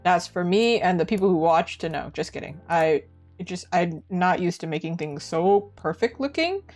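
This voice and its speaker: A young woman from Canada, an art streamer, chatting casually and giggling as she talks. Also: normal speed. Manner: chatty and giggly, lively swings in pitch. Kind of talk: casual live-stream chat. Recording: faint music behind.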